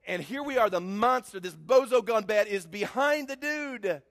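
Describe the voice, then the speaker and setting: High-voiced man preaching in a hall. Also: expressive, moderate pace, fairly bright tone. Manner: storytelling, rising to emphatic preaching. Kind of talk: sermon with a personal story.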